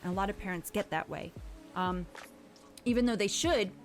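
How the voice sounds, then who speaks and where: A woman, a parent, hosting a casual livestream chat, giving earnest, gentle advice and reading viewers' messages aloud. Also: mid-range voice, moderate pace, soft background music. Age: adult parent. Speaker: livestream host.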